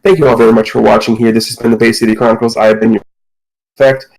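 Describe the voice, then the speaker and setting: A man narrating as game master of a tabletop game, relaxed and with many fillers. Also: medium pitch, very fast, creaky, rough recording.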